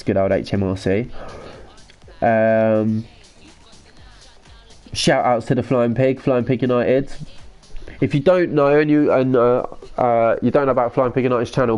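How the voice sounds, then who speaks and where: A man's voice: mid-range voice, a little mellow. Casual guy, young adult, gaming streamer, sweary banter, faint music bed. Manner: laid-back, sweary, reads chat aloud. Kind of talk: casual live-stream commentary.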